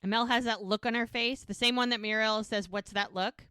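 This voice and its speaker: A woman's voice: on the high side, fairly even intonation, a little fast, bright, forceful tone, clear, resonant tone, no echo, clean studio sound. A woman co-hosting a podcast, casually retelling a TV episode scene by scene, quoting the characters as she goes. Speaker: podcast co-host.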